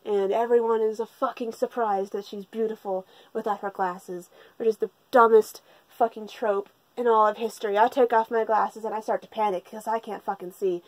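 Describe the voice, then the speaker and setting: A woman's voice: mid-range voice, steady tone, moderate pace, hardly any pauses, no echo, rough recording. A woman giving a comedic manga recap with profane, sarcastic ranting. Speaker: manga reviewer.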